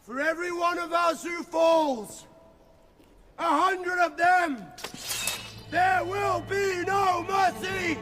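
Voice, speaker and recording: Daemon a fierce warrior prince shouting. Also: male voice, extremely high pitch, steady tone, slow, music in the background. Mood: rousing. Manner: shouting battle speech. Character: fierce male warrior prince rallying troops. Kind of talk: TV drama scene. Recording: distant shout over loud score.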